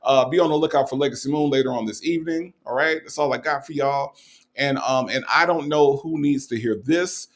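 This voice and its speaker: A man hosting a livestream, chatting casually as he signs off, checking in with "okay?" and repeating slow affirmations. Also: mid-range voice. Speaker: livestream host.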